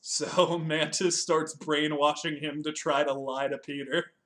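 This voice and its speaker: A man's voice: on the high side, little pitch movement, unhurried, a bit bright. A young man hosting a casual chat, joking, swearing freely and laughing often as he reviews a TV special. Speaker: podcast host.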